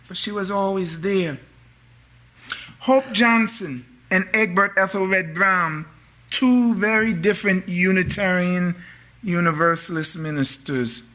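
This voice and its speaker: An older man delivers a sermon in a high, bright voice that carries clearly. He speaks slowly and deliberately, telling stories and drawing responses from the congregation before him. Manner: storytelling preacher, calls out to the congregation. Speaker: minister. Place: church sanctuary with congregation.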